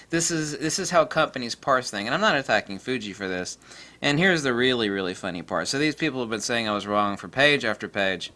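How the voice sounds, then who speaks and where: A man's voice: on the low side, bright, forceful tone. A man ranting casually to camera as a camera vlogger, rambling and boastful with lots of fillers.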